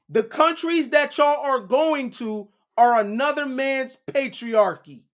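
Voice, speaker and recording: A man hosting a casual livestream, lecturing his viewers with a preachy run of rhetorical questions and repeated "right?" checks. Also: very high-pitched. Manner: slow and deliberate. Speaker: livestream host.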